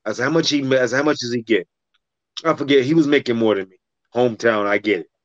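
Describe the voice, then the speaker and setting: Male storyteller, profane and animated, mid-range voice, dry and slightly muffled. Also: medium pitch, quick pace, no room sound. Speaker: fighter telling a story. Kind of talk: casual storytelling in a podcast chat.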